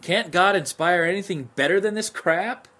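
A man's voice: high-pitched, normal speed, pushed and bright. A man co-hosting a casual chat, sarcastic and exasperated. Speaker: podcast co-host.

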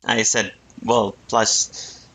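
A man co-hosting a podcast, trading deadpan ironic quips and laughing often. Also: on the low side, drawn-out words. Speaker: podcast co-host. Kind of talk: casual comedic chat.

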